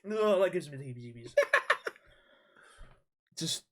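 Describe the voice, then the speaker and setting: A man's voice: on the high side, animated, takes it slowly. A man co-hosting a podcast in giggly, sweary banter. His voice swings widely up and down, and he laughs often at the jokes. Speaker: podcast co-host.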